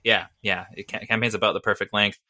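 A man's voice: lowish voice, level tone, fast talker, bright, forceful tone, dry recording, clean studio sound. A man co-hosting a casual podcast chat about video games, rambling with lots of fillers and little laughs. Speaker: podcast co-host.

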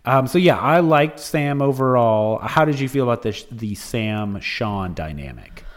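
A man's voice: medium pitch, expressive, a little slow. Joking man co-hosting a podcast. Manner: joking, laughs often, slips into silly voices. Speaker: podcast co-host. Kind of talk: casual chat.

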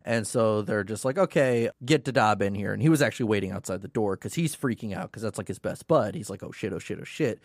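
Low-voiced man in casual recap chat. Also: quick pace, few pauses, dry recording, studio quality. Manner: casual, swears, acts out characters' lines. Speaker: podcast co-host recapping a novel.

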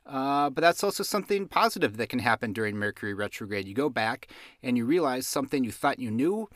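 A man hosting a casual astrology podcast, chatting in an unhurried way and laughing at his own jokes, on a close mic. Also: medium pitch, lively intonation, a bit bright, no room sound. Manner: giggly, self-amused, unhurried. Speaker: podcast host.

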